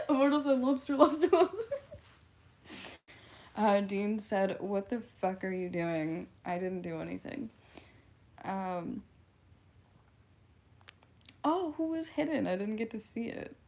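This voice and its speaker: A woman's voice: medium pitch, animated, takes it slowly, creaky, pauses often, mellow. A woman in her twenties, chatting casually on a livestream as she reads and answers chat, laughing often. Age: 20s. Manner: giggly, chatty, reacts to chat messages. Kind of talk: casual live-stream chat.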